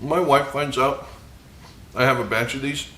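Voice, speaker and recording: This cooking channel host, a man, speaks in a medium-pitched, steady, bright, and forceful voice as he fries food. His casual tutorial chat is full of joking, self-mocking asides and quick laughs. The room echoes, with a little hiss or hum.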